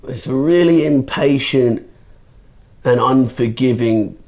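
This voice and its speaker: A man, a comedian guest on a podcast, telling stories in casual chat with lots of swearing and quick asides. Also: mid-range voice, darkish tone.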